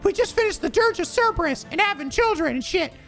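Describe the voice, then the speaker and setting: A man putting on a chirpy, squeaky falsetto voice as a friend waking someone up. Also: lively intonation, fast talker, bright, forceful tone, faint music behind, full character voice.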